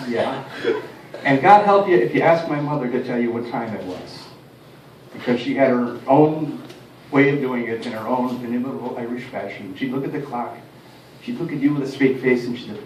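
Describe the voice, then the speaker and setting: A man's voice: medium pitch, sing-song, a little slow, pauses often, slight background noise. Detroit-born male stand-up, chatty and self-deprecating, heard from afar with faint ambience. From Detroit, USA. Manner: chatty, self-deprecating, chuckling at own jokes. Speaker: stand-up comedian. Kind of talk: stand-up comedy routine. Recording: roomy, distant mic, faint ambience.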